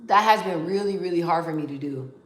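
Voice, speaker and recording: A young adult woman talks fast in a voice on the low side, vlogging candidly in a casual, heartfelt way. The talk is emotional and rambling, full of restarts and repeated words, and echoes in a roomy space.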